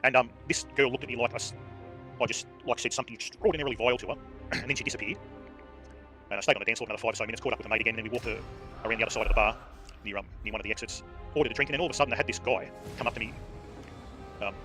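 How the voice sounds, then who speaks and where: An Australian man spins a rambling, swear-laden yarn at a breakneck clip. His pitch sits in an ordinary middle range. Game music plays clearly under his voice. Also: very fast, long pauses, bright, forceful tone. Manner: rambling, swears freely, many fillers. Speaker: streamer. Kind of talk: casual storytelling while gaming.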